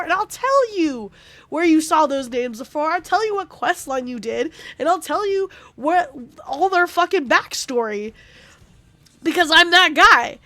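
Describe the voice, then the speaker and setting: A woman's voice: very high-pitched, expressive, measured pace, fairly bright tone, no echo. A woman streaming a game, chatting casually in a rambling, profane and passionate way. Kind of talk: casual gaming stream chat.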